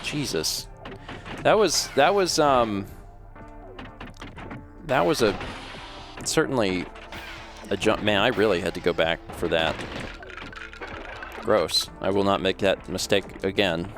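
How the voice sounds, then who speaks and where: A man's voice: lowish voice, slow, long pauses, over music. A young adult man giving casual gameplay commentary as a streamer, chatting to himself while he plays.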